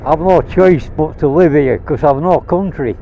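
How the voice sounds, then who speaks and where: Riding his motorbike outside, this Rhodesian vlogger (Rhodesia is now Zimbabwe) swears through an angry, blunt rant picked up by his helmet microphone. He speaks at an unhurried pace in a fairly high voice. The audio is dull, with a slight hiss or hum.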